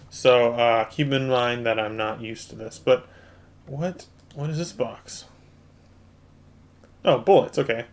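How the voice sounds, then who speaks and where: Chatty man narrating a computer game. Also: mid-range voice. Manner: chatty, explains controls, talks to viewers as guys. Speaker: gaming channel host. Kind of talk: casual let's-play commentary.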